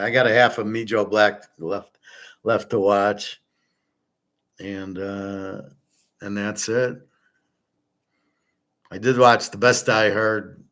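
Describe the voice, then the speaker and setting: A livestream host answering chat talks loosely with his viewers in a somewhat low voice, jumping from topic to topic. He's blunt and opinionated, never sounding scripted, in relaxed, unpolished, casual rambling stream chatter.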